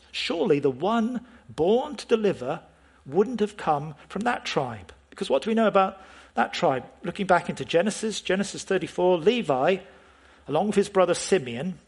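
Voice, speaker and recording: A man's voice: a little high, breathy edge. A man preaching a sermon, earnest in manner, often putting questions to the congregation and leaning on key words.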